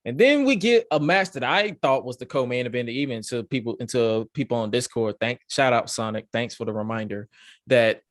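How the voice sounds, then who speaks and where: A man hosting a podcast, reviewing wrestling in excitable, profane, rambling casual chat. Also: mid-range voice, brisk, dry recording, studio quality. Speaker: podcast host.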